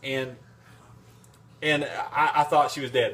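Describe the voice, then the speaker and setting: A man's voice: a little high, a little slow, fairly bright tone. A man telling a casual, rambling anecdote in a vlog, full of restarts and fillers. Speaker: vlogger. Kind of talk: casual storytelling.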